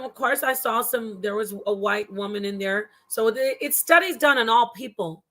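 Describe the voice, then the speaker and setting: A woman's voice: fairly high pitch, sharp tone. Chatty woman hosting a live stream. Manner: emotional, talks to chat, restarts often. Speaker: live stream host reacting to a video. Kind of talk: casual live commentary.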